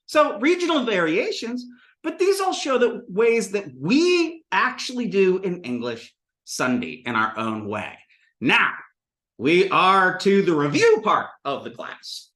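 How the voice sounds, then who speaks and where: A man teaching a Sanskrit class, lecturing in a playful, animated way and thinking aloud with restarts. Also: high voice, unhurried, echoey room. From United States.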